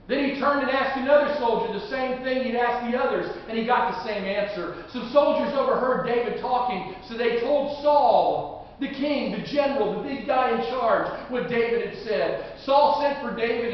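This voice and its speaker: A man preaching a sermon in a very high voice, folksy and joking but rising to fervent shouts. He is heard from far off in a church sanctuary with heavy, long reverb. The sound is dull and muffled. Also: moderate pace, hardly any pauses. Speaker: pastor. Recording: echoey hall, distant dull mic.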